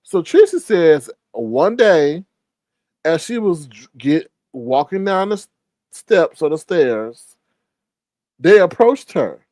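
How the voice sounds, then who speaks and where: A man hosting a casual gossip commentary, retelling a story with animated exclamations. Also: on the high side, takes it slowly, dry recording. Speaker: commentary show host.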